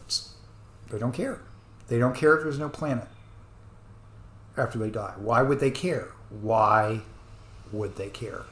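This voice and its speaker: A man rambling through an earnest, apologetic rant as a commentator reacting to the news, breaking into sudden loud bursts. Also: mid-range voice, moderate pace, long pauses, roomy sound. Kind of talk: rambling ranting monologue.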